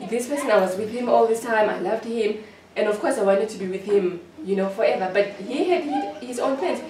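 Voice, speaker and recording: A woman's voice: a little high, animated, fairly quick, a crowd in the background. A woman giving an emotional interview, sounding hurt and accusing, and repeating herself as she talks. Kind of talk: emotional personal testimony. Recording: echoey room, distant mic.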